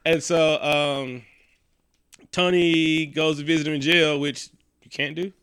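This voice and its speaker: Brief: bright, forceful male co-host, dry close sound, crude and animated banter. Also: on the high side, unhurried, smooth, dry recording. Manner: profane, animated, joking. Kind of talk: casual movie recap chat.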